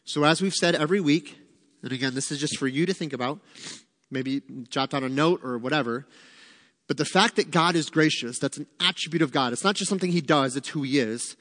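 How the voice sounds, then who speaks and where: A man's voice: on the high side, fairly quick, a bit bright, long reverb tail. A middle-aged man preaching a sermon as pastor, conversational and emphatic, repeating key lines to drive them home. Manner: conversational, emphatic teaching with repetition.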